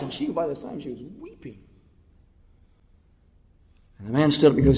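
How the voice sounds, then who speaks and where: Male preacher, slightly high voice, hushed to loud, reverberant hall sound. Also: big pitch swings, quick pace, long pauses. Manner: dramatic swings from hushed whispers to loud cries. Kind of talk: sermon. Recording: echoey hall.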